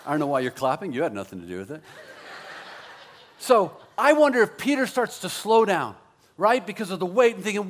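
A man's voice: high voice, very animated, brisk. A man preaching a sermon as pastor, conversational and joking, with self-deprecating asides.

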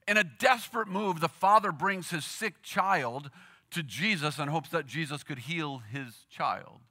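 A man preaching a sermon in a lively, conversational storytelling way, acting out the characters as he goes. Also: on the high side. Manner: animated, conversational storytelling with acted quotes. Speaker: pastor.

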